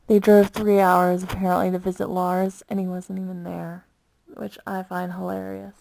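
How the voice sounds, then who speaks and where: A woman vlogging in a casual, chatty way, excitable and rambling, giggling often and using many fillers. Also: fairly low pitch, moderate pace, gravelly, slight background noise.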